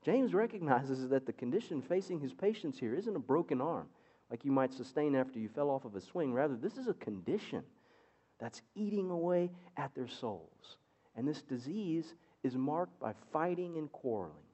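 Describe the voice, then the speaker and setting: A man's voice: fairly high pitch, sing-song, normal speed, warm tone. A man preaching a sermon as pastor, with wry, sarcastic asides.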